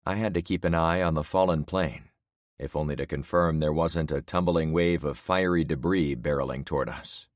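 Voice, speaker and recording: Male narrator, very low pitch, steady measured first-person storytelling, dead-dry booth. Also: no room sound. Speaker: audiobook narrator.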